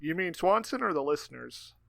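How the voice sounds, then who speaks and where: A man co-hosts a podcast with wry, playful remarks. His voice is fairly high and bright, with plenty of gravelly fry. Faint music sits behind him. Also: very animated, fairly quick. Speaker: podcast co-host. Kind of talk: casual podcast chat.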